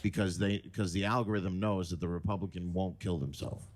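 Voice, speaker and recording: A man's voice: sits low, steady tone, a little fast. A man performing a stand-up set on a club stage with a crude, offhand delivery, into a handheld mic. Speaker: stand-up comedian. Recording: noisy live stage recording.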